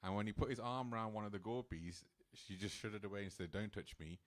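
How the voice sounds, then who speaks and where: A man's voice: fairly low pitch, fast talker. A man speaking as a temple speaker, telling a sacred story in a casual, chatty sermon style. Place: temple hall.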